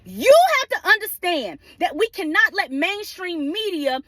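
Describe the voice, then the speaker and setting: A woman's voice: extremely high pitch, lively intonation, unhurried, sharp tone, no room sound. A woman ranting passionately in her car, swearing freely and firing off rhetorical questions. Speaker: vlogger ranting on legal news. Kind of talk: impassioned rant.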